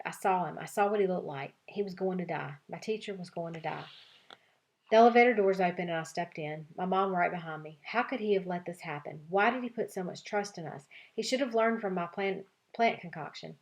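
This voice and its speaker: Woman reading a children's novel aloud. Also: lowish voice. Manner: expressive storytelling, voicing several child narrators.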